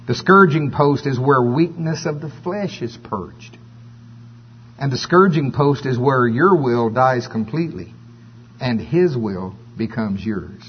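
A man preaching a sermon to a congregation in a room, animated and preacherly, acting out quoted prayers in a raised voice. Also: medium pitch. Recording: dull lo-fi recording with faint hum.

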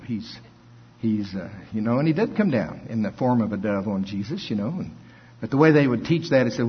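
A man's voice: mid-range voice, lively intonation, fairly quick. A male preacher giving a conversational sermon, reading scripture aloud and chuckling between his points. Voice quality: husky. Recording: dull lo-fi recording.

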